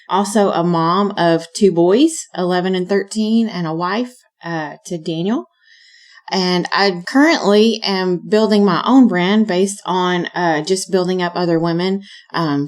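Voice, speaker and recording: Southern US woman, 30s, guest; loose, chatty, filler-heavy storytelling. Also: mid-range voice. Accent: Southern US (Alabama). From Alabama, US. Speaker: guest, fitness coach. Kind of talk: casual interview chat.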